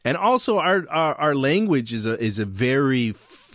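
A filmmaker speaking in an interview, thoughtful and halting, often restarting his sentences. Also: mid-range voice, big pitch swings, fairly bright tone, dry recording. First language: not fluent in his heritage language. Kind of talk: interview conversation.

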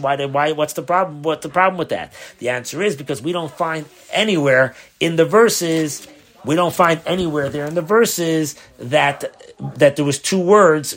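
A man's voice: mid-range voice, fairly bright tone. A man, a rabbi, teaching a Torah lesson in earnest, posing questions and mixing Hebrew terms into his English.

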